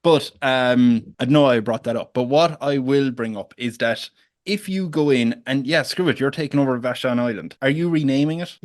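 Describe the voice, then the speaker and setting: A man hosting a casual podcast chat, telling rambling stories with animated asides. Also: mid-range voice, normal speed, no room sound, studio quality. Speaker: podcast host.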